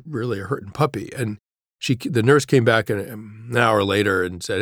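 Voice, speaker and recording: Reflective low-voiced man telling his story. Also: vocal fry, no room sound, studio quality. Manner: halting, reflective, drops to a hush at grave moments. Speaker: guest, author. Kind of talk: personal storytelling in an interview.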